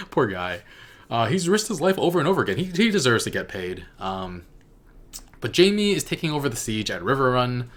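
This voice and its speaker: A man's voice: mid-range voice, very animated, normal speed. A man giving a casual spoken review of a TV episode, rambling and hesitant with many fillers and self-corrections. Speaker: TV reaction reviewer.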